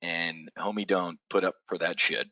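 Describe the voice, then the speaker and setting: A fairly low-voiced man with a bright, forceful tone, riffing on a live stream. He talks bluntly, swears freely and trips over his words with repeated restarts. The sound is dry and a little dull. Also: normal speed, no room sound. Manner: blunt and profane, stammering restarts, excitable. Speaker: trading coach hosting a live stream. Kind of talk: unscripted live stream talk.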